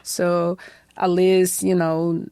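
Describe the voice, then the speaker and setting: A young adult woman from Brazil with a Brazilian accent, chatting as a podcast guest and telling lively stories full of "like" and "I feel that". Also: lowish voice, extremely slow, smooth, dry recording, studio quality. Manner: lively storytelling, acts out quoted voices, many "like" and "I feel that" fillers. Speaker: podcast guest, head bartender. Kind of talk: casual interview chat.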